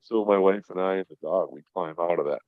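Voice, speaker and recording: A middle-aged man, stoned and guesting on a podcast, tells a rambling, profane story in casual conversation. He talks fast in a deep voice, with no echo but a dull lo-fi sound.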